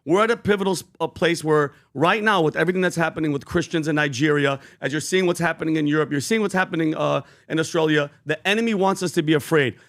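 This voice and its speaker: A man co-hosting a podcast, telling a faith story with animated, preachy conviction. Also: a little high, fast talker, few pauses. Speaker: podcast co-host. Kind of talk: casual podcast chat.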